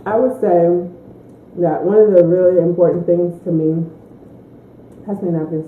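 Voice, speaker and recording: A woman, a mother, chatting casually in a mukbang Q&A, a lively storyteller who laughs often. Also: fairly low pitch, normal speed. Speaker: mother answering Q&A. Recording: tinny echoey room recording.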